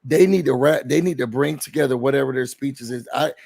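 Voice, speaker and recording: A man's voice: mid-range voice, fairly quick, creaky, breathy edge. A man hosting a casual podcast chat, talking animatedly and acting out what others said. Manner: animated, acts out quotes of others. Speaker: podcast host.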